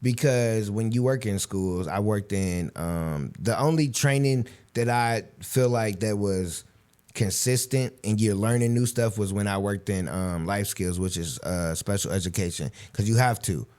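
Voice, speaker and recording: Male host, 30s, animated storyteller in casual interview. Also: fairly low pitch, a little slow. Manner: animated storytelling, acts out quoted voices. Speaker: podcast host.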